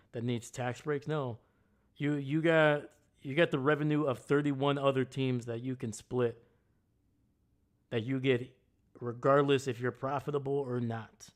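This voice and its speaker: A man hosting a casual live stream, ranting bluntly and heatedly about sports. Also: medium pitch. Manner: greets chat viewers loudly. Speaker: livestream host.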